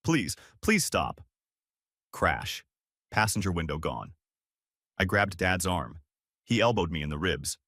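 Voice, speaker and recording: A man's voice: low-pitched, animated, measured pace, long pauses, sharp tone, no echo, clean studio sound. A man narrating a dramatic first-person family story in short, terse lines.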